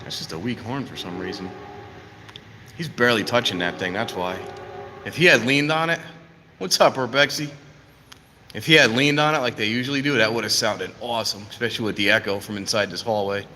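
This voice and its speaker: A man's voice: fairly low pitch, a little fast, pushed and bright, slight background noise. A man chatting casually to viewers on a live stream, out of breath. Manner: chatty, talks to viewers between trains. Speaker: livestreamer filming trains. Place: outdoor train station platform and footbridge in rain.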